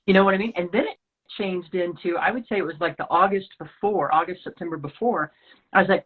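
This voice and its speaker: Speaking fast on the low side with a breathy edge, a woman from the US Rocky Mountain region guests on a podcast and relates a personal story in conversation. She performs the dialogue with animation over a lo-fi, phone-like line.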